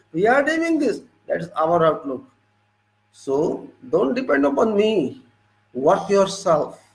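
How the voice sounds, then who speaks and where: A man's voice: high-pitched, rough recording. A man with an Indian English accent, from India, giving an emphatic, repetitive monologue as a civil engineering lecturer.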